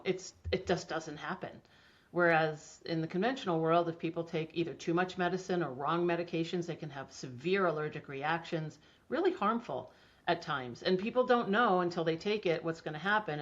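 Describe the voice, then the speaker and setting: A woman's voice: lowish voice, normal speed, a bit bright. A middle-aged woman guest talking enthusiastically about homeopathy in a casual interview, chatty with many restarts. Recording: dull lo-fi audio.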